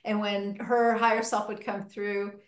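This podcast host, a hypnotherapist, tells enthusiastic stories about her hypnotherapy sessions in conversation. She speaks unhurriedly in a medium-pitched voice with flat delivery, and the recording has an echoey room sound.

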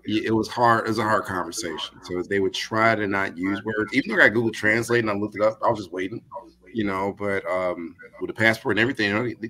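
A man joining a podcast conversation, speaking in a measured, hesitant way with many ums. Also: lowish voice, steady tone, sharp tone, rough recording. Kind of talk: casual podcast talk.

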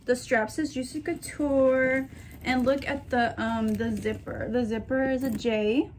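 Young woman, casual vlogger, slightly high voice, gushing and chatty. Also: steady tone, a little slow, slight background noise. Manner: gushing, chatty, talks to her purses. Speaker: shopping vlogger. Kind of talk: casual chat to camera.

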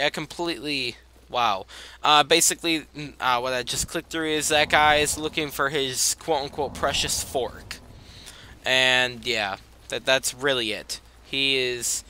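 A man's voice: mid-range voice, sharp tone. A young man casually commentating his gameplay, rambling, easily sidetracked and apologizing often. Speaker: gaming video host. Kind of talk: casual let's-play commentary.

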